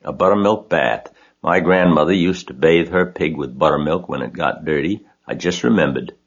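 A man's voice: extremely low pitch, normal speed, slightly rough, full character voice. A man voicing a determined middle-aged farm wife who speaks firmly and matter-of-factly. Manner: firm, matter-of-fact. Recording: dull lo-fi recording.

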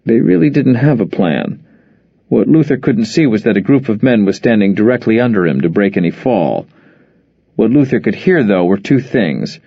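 A man narrating an audiobook in a measured, even storytelling manner. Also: on the low side, creaky, breathy edge, no room sound. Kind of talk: scripted narration. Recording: dull lo-fi dry recording.

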